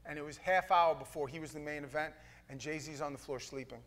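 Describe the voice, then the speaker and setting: A man preaching a sermon, telling a story with dramatic swings from hushed lines to loud bursts. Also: a little high, fast.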